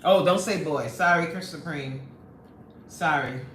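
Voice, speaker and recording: A woman's voice: sits low, unhurried, fairly bright tone, a little hiss or hum. A woman hosting a livestream, chatting casually, laughing often and greeting viewers by name. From New York. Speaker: livestream host. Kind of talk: casual livestream chat reading comments. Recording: echoey room, voice off mic.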